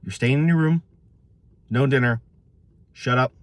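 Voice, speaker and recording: A man voicing an angry, stern father who gives curt, loud orders. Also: mid-range voice, measured pace, pitched above the performer's own voice, lightly acted.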